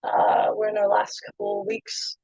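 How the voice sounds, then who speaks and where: A woman reading her poetry at an online open mic, slow and soft, out of breath, then chatting with fillers. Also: mid-range voice, very animated, gravelly, breathy edge, dry recording, dull audio. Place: home, online video call.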